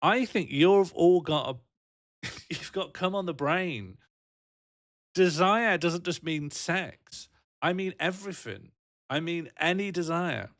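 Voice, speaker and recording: A man's voice: a little high, animated, slow pace, a bit bright, no room sound, clean studio sound. A man rambling and joking on a casual livestream, answering his chat and laughing often.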